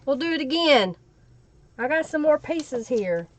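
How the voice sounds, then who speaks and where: A woman's voice: high-pitched, expressive, measured pace, no room sound. A woman with an Oklahoma Southern accent hosting a live crafting stream, chatting casually and answering viewer comments as she works. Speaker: livestream crafting host.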